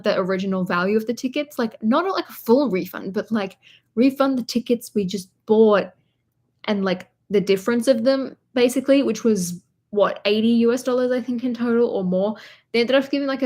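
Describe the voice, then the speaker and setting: A woman's voice: a little high, a little mellow. A young woman vlogger chatting live from a hotel room, telling a long rambling story and talking to her viewers as she goes. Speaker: vlogger hosting a livestream. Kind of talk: casual live-stream chat.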